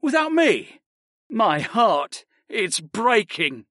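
A man's voice: on the high side, big pitch swings, fast talker, a bit bright, no echo, clean studio sound, exaggerated voice. A man voicing a playful adult male earth mage who teases his friends with mock drama. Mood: mock-hurt. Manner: mocking, theatrical teasing.

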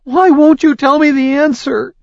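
Man putting on a terrified young woman, high-pitched. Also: steady tone, moderate pace, vocal fry, a little mellow, no echo. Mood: frightened. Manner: frightened, pleading questions. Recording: dull lo-fi recording.

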